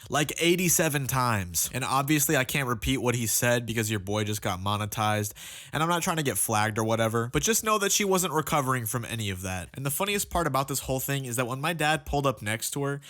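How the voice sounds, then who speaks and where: A man's voice: medium pitch, fast. Young man telling a jokey story. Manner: animated, jokey, exaggerating. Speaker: storytime youtuber. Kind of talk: comedic storytime narration.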